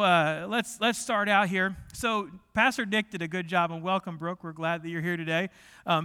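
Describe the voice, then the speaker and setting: A middle-aged pastor gives a sermon, keeping it conversational and trading jokes with his congregation inside a large sanctuary. He sounds high-pitched, bright and forceful with a clean tone, and the audio carries a long hall reverb.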